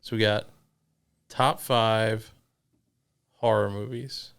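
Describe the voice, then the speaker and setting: A man co-hosting a podcast, recounting movies and joking in a wry, deadpan way. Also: on the low side, slow pace, smooth. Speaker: podcast co-host. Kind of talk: casual chat.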